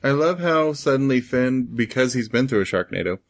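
A man's voice: mid-range voice, lively intonation, fairly quick. A man co-hosting a casual movie review chat, sardonic and mocking as he picks the plot apart. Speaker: podcast co-host.

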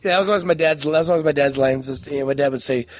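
Fast, rambling higher-voiced man. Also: heavy background noise. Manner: rambling, hedging, many fillers. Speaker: podcast co-host. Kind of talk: casual chat reviewing a horror short.

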